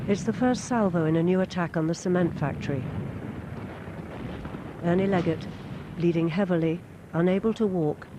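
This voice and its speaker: A documentary narrator reading a scripted account in a measured, formal way. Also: medium pitch, noisy background. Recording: narration over war sound effects.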